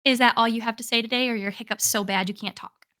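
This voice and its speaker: Young female podcast co-host, bright and chatty, dry recording. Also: on the high side, steady tone, fast talker, no echo. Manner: chatty, enthusiastic, many "like"s. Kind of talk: casual chat.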